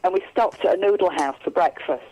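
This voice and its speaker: A woman tells long stories as a guest on a radio interview, rambling along with restarts and fillers. Her voice has a gravelly edge. The sound is dull and lo-fi, like an old radio recording. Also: fairly low pitch, animated, brisk, dark tone. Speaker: psychic medium guest.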